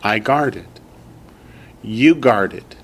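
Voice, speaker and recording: Southern guy teaching a class, slow patient drilling, bit of hiss in the room. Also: on the low side, lively intonation. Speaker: Hebrew teacher. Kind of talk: classroom language lesson.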